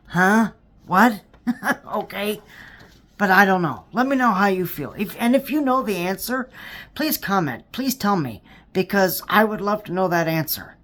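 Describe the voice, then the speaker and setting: Woman vlogger going on about park news, lowish voice, lots of um and uh, keeps repeating herself. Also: fairly bright tone. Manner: rambling, repeats words, many fillers, exasperated. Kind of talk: casual commentary to viewers.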